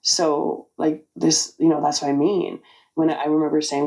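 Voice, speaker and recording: A woman in her forties talking candidly in a casual vlog, rambling with lots of fillers, her voice raspy from allergies. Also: low voice, flat delivery, normal speed, mellow, rough recording. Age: 40s. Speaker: vlogger. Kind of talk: casual personal vlog talk.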